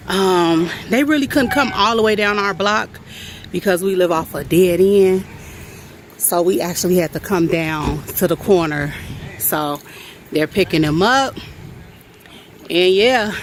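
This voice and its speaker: Brief: thirties Chicago woman, casual vlog host, earnest and chatty, slightly low pitch, faint background noise. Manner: earnest, chatty, addresses viewers as y'all. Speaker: vlogger.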